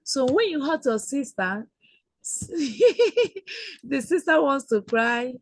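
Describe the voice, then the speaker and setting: A woman leads a children's webinar lesson, her voice fairly high and recorded dry and close. She repeats each Igbo word slowly and drills it patiently. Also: animated, a bit bright, no echo, rough recording. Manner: slow, repetitive teaching with drawn-out Igbo phrases. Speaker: Igbo language teacher. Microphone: computer mic on a video call.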